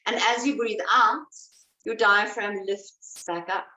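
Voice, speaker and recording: Calm woman guiding slow breathwork. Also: mid-range voice. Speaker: breathwork instructor. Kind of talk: guided breathing exercise. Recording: roomy sound, voice away from the mic.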